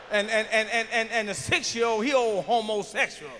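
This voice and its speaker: Fired-up profane stand-up comic, high voice. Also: male voice, steady tone, normal speed, few pauses. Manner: profane, shouting, fired-up storytelling. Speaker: stand-up comedian. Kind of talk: stand-up comedy routine. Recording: live hall reverb, faint background noise.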